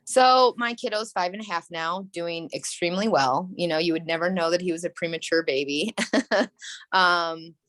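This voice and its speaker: Woman, 30s, interview guest; low, dry voice; earnest, rambling storyteller. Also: normal speed, fairly bright tone, no room sound. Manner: rambling, frequent "like" and "you know"; earnest and emotional. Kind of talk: candid personal storytelling.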